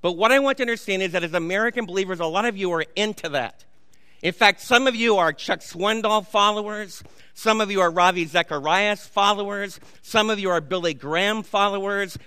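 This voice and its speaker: High, bright-voiced pastor preaching. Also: male voice, brisk, clean tone, dry recording, long reverb tail. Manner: storytelling, conversational preaching with asides. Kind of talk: sermon. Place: church sanctuary.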